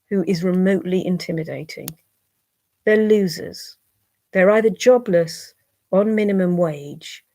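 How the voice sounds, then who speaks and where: A woman's voice: medium pitch, a little mellow. A British woman on a livestream, bluntly scolding and swearing at online trolls.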